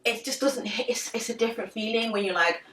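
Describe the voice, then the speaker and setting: A woman's voice: fairly high pitch, fast talker, slight background noise. Chatty woman vlogging in a roomy space. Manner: chatty and animated, frequent "like" fillers. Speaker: beauty vlogger. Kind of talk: casual chit-chat vlog. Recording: roomy sound, a little distant from the mic, faint music behind.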